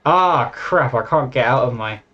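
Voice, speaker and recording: A man's voice: mid-range voice, a little slow, highs cut off. Young man mumbling through a game stream. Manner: puzzled, deadpan, mumbling to himself. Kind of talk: casual gameplay commentary.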